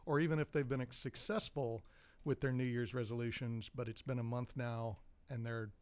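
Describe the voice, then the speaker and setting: A man's voice: medium pitch, steady tone, normal speed, a little mellow, smooth. A man co-hosting a podcast in casual chat, joking and rambling, laughing often. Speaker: podcast co-host.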